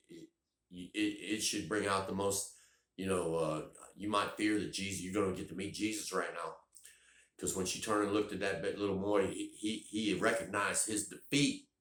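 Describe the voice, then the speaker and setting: A man's voice: fairly low pitch, fairly bright tone. A middle-aged man, telling a funny personal story in a rambling, profane way with many restarts. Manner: rambling and profane, lots of restarts and "you know". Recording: echoey room.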